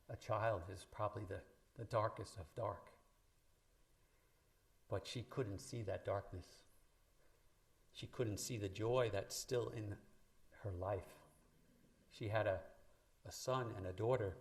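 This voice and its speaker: A man with a fairly low voice delivers a sermon to his congregation. He speaks conversationally, asking the people questions, and grows louder and more emphatic when he quotes scripture. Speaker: minister. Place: church sanctuary.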